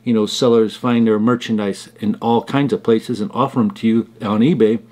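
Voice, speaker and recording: A man's voice: on the low side, steady tone, moderate pace, a little mellow. A man chatting casually in a product review vlog, telling stories in a conversational way. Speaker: fragrance reviewer.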